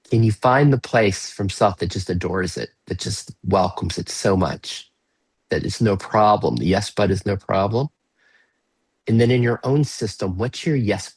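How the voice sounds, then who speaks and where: A man leading an online workshop over a video call, asking slow, gentle, inviting questions and now and then breaking into playful bursts. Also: deep voice, husky, dry recording, poor audio. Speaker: workshop facilitator. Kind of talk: guided reflective workshop talk.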